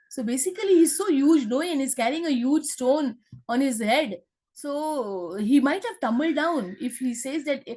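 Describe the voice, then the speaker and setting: Woman teacher, high pitch, chatty lesson delivery with fillers. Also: animated, moderate pace, darkish tone. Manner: chatty, many fillers and checks. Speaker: English teacher. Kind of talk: explaining a lesson.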